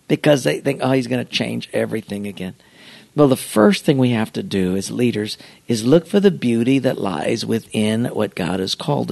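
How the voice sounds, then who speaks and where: A middle-aged male pastor telling a humorous, self-mocking anecdote in an animated storytelling way. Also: fairly high pitch, vocal fry.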